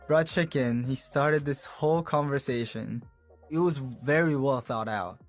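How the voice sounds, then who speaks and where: A young man recounting his band's beginnings in a relaxed, chatty storytelling manner, laughing now and then. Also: mid-range voice, a little slow, soft background music. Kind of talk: casual storytelling.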